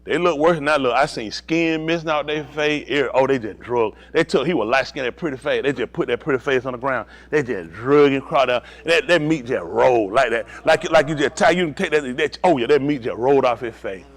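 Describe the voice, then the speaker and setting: A man telling a personal story in a casual, animated way, laughing often and acting out what others said. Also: mid-range voice, brisk, hardly any pauses.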